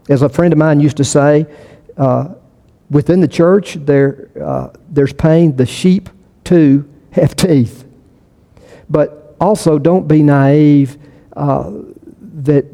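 Male pastor, conversational sermon delivery with repeated phrases, warm tone, church reverb. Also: fairly high pitch. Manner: conversational, with frequent restarts and repetition for emphasis.

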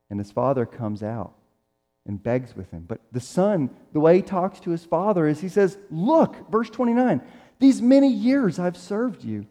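A man's voice: mid-range voice, mellow. A middle-aged man preaching a sermon in a conversational way, acting out the quotes he tells. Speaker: pastor. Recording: long reverb of a large hall.

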